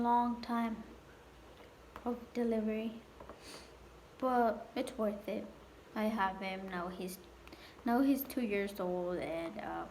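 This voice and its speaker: A young adult woman telling a casual storytime vlog, halting and repetitive with many fillers. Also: medium pitch, a little hiss or hum. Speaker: vlogger.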